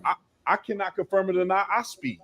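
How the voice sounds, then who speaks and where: A man's voice: sits high, a little fast. A man giving exasperated, slangy reaction commentary on a traffic stop video, telling his own stories and lecturing. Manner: slangy casual speech.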